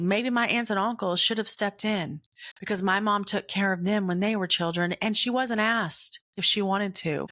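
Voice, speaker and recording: A woman hosts a podcast, telling a frank personal story in an animated, confiding way. She swears casually and keeps checking in with her listeners. Her voice sits at a medium pitch. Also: moderate pace. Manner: animated, confiding, frequent "right?" check-ins. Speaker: podcast host. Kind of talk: candid storytelling monologue.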